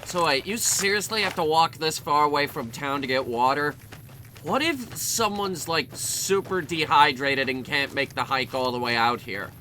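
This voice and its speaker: A young man with a bright, sharp-edged voice rambles through a game playthrough, full of sarcastic asides. He pitches a bit high for a man, and faint noise sits behind him. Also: normal speed. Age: young adult. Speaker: let's play commentator. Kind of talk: comedic game commentary.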